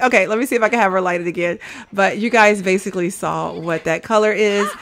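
A woman's voice: mid-range voice, quick pace, a bit bright. A woman giving casual gameplay commentary, chatting to her viewers and coaxing her game characters along. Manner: chatty, coaxes and scolds her game characters, says "y'all". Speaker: gaming video creator.

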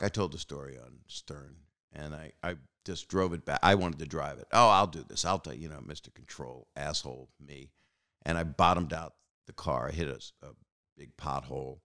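A man in his sixties with a very low, gravelly voice tells casual stories on his podcast. He rambles, stops and restarts, then springs into acted-out lines from other people, and his delivery rises and falls in bursts. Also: fairly bright tone. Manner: rambling, halting, with many fillers and restarts. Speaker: podcast host. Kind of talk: casual storytelling.

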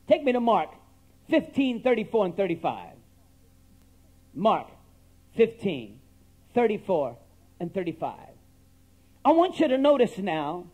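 A man's voice: very high-pitched, mellow, breathy edge. A male pastor preaching a sermon, passionate and calling on the congregation to answer back. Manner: impassioned, calls for amen from the congregation.

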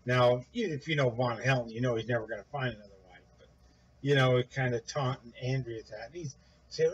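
A man casually telling a rambling story, animated, quoting others in a raised voice, with a husky voice. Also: medium pitch, brisk, dull audio. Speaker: guest recounting events.

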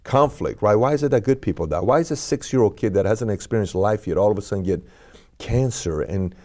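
A man's voice: lowish voice, animated, a little fast, warm tone. A middle-aged man, a podcast guest, telling a personal story in an earnest, questioning way.

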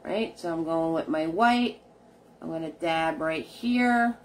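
A woman's voice: low voice, slow, a little hiss or hum. A woman leading a live painting tutorial, chatting with her viewers as she works. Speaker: painting instructor.

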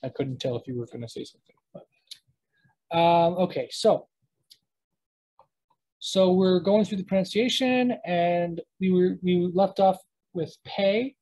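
Husky voice teaching in a casual ramble. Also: mid-range voice, a little slow, long pauses, mellow, poor audio. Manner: rambling, many fillers and restarts; explains by thinking aloud. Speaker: language teacher. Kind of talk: casual spoken lesson.

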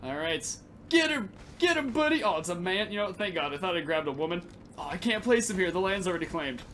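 A man giving joking, excitable commentary while he plays a game late at night and laughs often. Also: sits high, fast talker, very noisy. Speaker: gaming channel host. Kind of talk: casual gameplay commentary.

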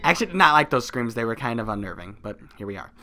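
A man giving joking let's play commentary on a horror game, loud and rambling, swinging between shouting and muttering. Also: fast. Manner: reads in-game notes aloud in a low flat voice. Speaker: gaming video creator.

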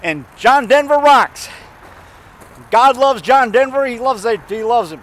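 A man talking in a rambling, folksy, excitable way, mixing songs with preaching, outdoors by a road. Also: extremely high pitch, unhurried, a little hiss or hum. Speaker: vlogger.

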